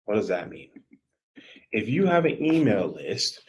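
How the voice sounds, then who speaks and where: A man giving a live coaching workshop, energetic and animated, talking straight to his audience. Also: fairly low pitch, unhurried. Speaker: business coach.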